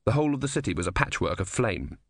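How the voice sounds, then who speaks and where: A man narrating a novel as an audiobook in an even, measured storytelling manner. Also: fairly low pitch, no echo, clean studio sound. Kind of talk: scripted narration.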